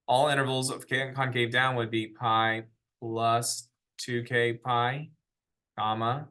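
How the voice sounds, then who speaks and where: A man's voice: mid-range voice, bright, forceful tone. A man teaching a math lesson in a classroom, explaining step by step and asking the class questions. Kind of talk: classroom lecture.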